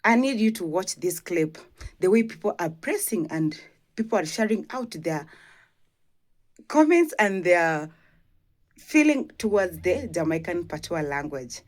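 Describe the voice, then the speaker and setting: A woman's voice: lowish voice, sing-song, a little slow. A woman hosting a reaction video, speaking with enthusiasm and repeating her points. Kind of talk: reaction commentary.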